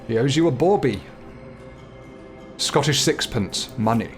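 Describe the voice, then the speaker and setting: A man's voice: mid-range voice, animated, unhurried, faint music behind. A man chatting casually as he plays a game, laughing and swearing freely. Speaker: game player. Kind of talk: casual let's-play commentary.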